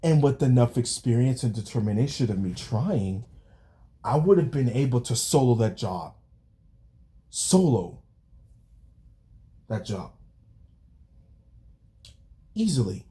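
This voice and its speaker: A young man venting angrily on a vlog, yelling and swearing about his job. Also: medium pitch, animated, slow pace, pauses often. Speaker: vlogger. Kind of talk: angry rant vlog.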